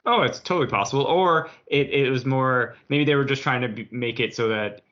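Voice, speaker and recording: Podcast co-host, casual chat, easygoing, crisp bright voice, muffled audio. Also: mid-range voice, brisk. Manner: easygoing, agreeable, laughs along. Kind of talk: casual movie discussion.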